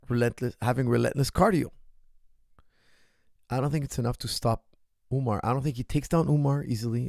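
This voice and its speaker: A man's voice: mid-range voice, vocal fry, mellow, no room sound, clean studio sound. A middle-aged man, a martial arts coach, answering viewer questions on a livestream in an emphatic way that keeps checking in with "right?" and "okay?".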